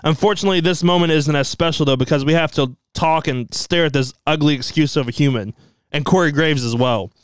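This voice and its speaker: A man's voice: a little high, fairly quick, smooth, no room sound, studio quality, close to an everyday voice. A man voicing a defiant, mocking young wrestler giving a ring speech. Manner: mocking, confident.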